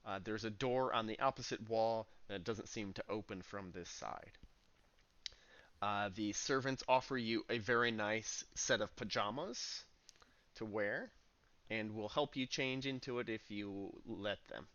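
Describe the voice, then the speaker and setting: A man's voice: lowish voice, measured pace, a bit bright, no echo, muffled recording. A man running a tabletop game as game master, narrating scenes casually with frequent hesitations. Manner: casual, hesitant with many "uh"s, laughs easily.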